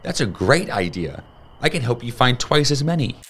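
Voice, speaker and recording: A man voicing a friendly, eager new schoolgirl in a higher, excited voice. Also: moderate pace, a little hiss or hum. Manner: excited, higher-pitched girlish voice.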